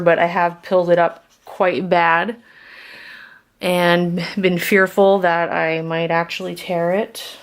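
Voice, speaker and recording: Chatty, low-voiced woman crafting on camera. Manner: chatty and rambling, self-deprecating asides. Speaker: craft vlogger. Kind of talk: casual craft tutorial chat. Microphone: camera's built-in mic.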